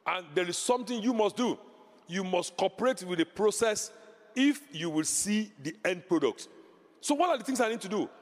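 A male pastor preaching a sermon, emphatic, repeating key phrases and rising to loud exclamations. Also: sits high, animated, normal speed, long reverb tail.

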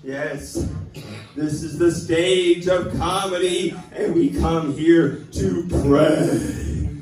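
A man's voice: fairly high pitch, steady tone, drawn-out words, darkish tone, faint music behind. A man performing stand-up at an open mic, doing crowd work in the manner of a preacher calling for hallelujahs. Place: small comedy club stage. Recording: echoey room, distant mic.

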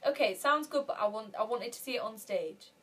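A woman chatting casually as a podcast co-host, lively, acting out her own reactions. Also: fairly high pitch, a little fast, distant mic. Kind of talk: casual chat.

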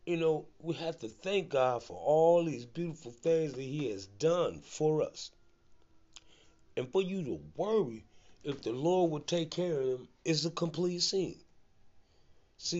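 Man preaching, fervent, rhythmic, repetitive, fairly high voice, lo-fi recording. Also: darkish tone. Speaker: podcast host preaching.

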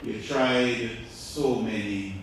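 Man, pastor, sermon, slow deliberate delivery, rhetorical questions, very echoey church, distant mic. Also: mid-range voice, steady tone, slight background noise. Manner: rhetorical questions, swings between loud and quiet.

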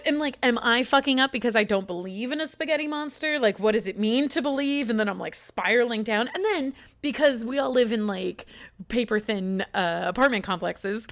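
A woman's voice: fairly high pitch, normal speed. A woman from the United States talking in a casual, rambling chat, swearing a lot and getting emotional as she tells her story.

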